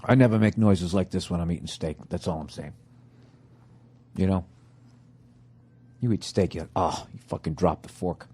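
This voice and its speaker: A man's voice: low voice, moderate pace, long pauses, mellow, husky. A middle-aged man hosting a comedy podcast, ranting profanely in a casual monologue while chewing food as he talks. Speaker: podcast host.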